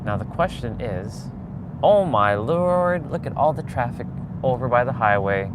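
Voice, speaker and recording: A man's voice: mid-range voice, normal speed, very noisy. A man in his forties chatting casually to viewers while he drives through city streets, rambling from one thought to the next. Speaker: vlogger. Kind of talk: casual live-stream chat while driving.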